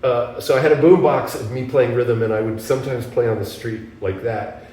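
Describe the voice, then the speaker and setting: A man from the United States, a guest guitarist, telling animated stories in an interview and acting out the voices of people he quotes. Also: mid-range voice, brisk. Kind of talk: storytelling interview. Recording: echoey room from a distance, faint background noise.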